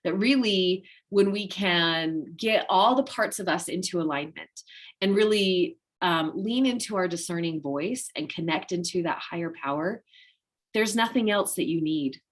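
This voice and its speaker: A woman's voice: lowish voice, unhurried. A woman wellness coach speaking straight to her viewers at the end of an online master class. She is openly emotional and affectionate, and she gushes with enthusiasm about her subject. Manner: gushing, enthusiastic. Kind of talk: heartfelt direct-to-viewer talk.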